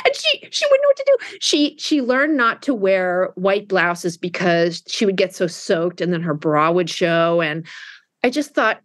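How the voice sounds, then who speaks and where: A middle-aged woman author being interviewed, telling candid stories in a lively way with frequent restarts. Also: on the low side, measured pace, no room sound, studio quality. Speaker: author guest. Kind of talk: conversational interview.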